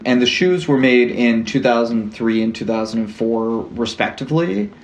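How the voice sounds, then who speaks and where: A man co-hosting a casual true-crime podcast, relaxed and halting, with fillers and restarts. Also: medium pitch, reverberant. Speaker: podcast co-host.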